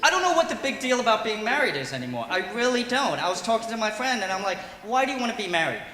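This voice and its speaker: A man doing a stand-up comedy set in a brewery, animated and slipping into loud yelling voices for his bits. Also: high-pitched, fast talker, a little hiss or hum. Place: brewery comedy stage, roomy hall. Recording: echoey hall recording.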